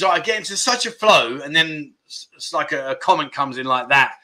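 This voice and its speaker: A man in his 50s hosts a casual livestream chat show from a set in Pattaya, rambling as he reads out viewer comments. His medium-pitched voice is bright and forceful, and his chatty talk is full of fillers and self-corrections.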